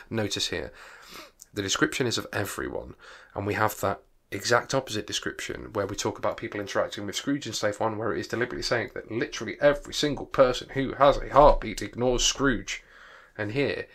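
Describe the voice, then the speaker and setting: A man's voice: fairly low pitch, brisk, a bit bright. A man teaching English literature, reading a novel aloud and breaking off for rambling, apologetic asides. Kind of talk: reading aloud with revision commentary.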